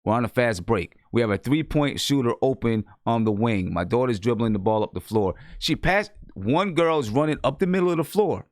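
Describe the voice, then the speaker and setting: Animated man telling a story. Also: medium pitch, normal speed, few pauses, no echo, clean studio sound. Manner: animated storytelling, acts out quoted lines. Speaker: show host and girls' basketball coach. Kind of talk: casual chat.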